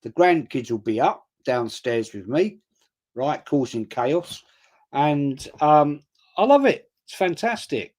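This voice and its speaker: An older man, a guest on a fan stream, tells blunt, sweary stories in casual live-stream chat. He's loud and animated, with a slightly high voice and a slow delivery.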